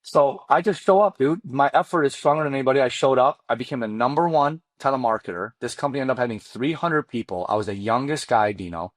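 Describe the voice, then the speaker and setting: This is a man in his forties whose first language is not English. He tells a long personal story to a podcast host, casual and slangy, with lively pitch swings. His voice sits in a middle register and sounds dry and close. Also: quick pace, few pauses, no echo. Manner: lively, acts out quoted dialogue with big pitch jumps. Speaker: podcast guest, mortgage loan officer. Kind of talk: animated storytelling in a podcast interview.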